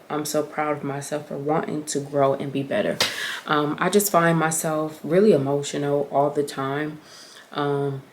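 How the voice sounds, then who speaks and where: Low-voiced young woman vlogging, earnest and rambly, lots of ums. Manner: earnest, reflective, rambling with many fillers. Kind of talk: casual advice chat.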